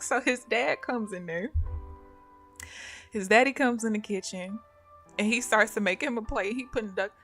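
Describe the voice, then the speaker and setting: A woman host of a live stream, telling a casual story to her chat in an animated way, laughing often and acting out the voices of the people she quotes. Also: on the high side, moderate pace, long pauses, faint music behind.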